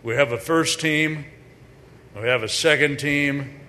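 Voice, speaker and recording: A man's voice: a little high, a little slow, bright, forceful tone. A man voicing a boastful young football player who exaggerates his training, in an echoey hall. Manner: bragging, exaggerating. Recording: echoey hall with faint noise.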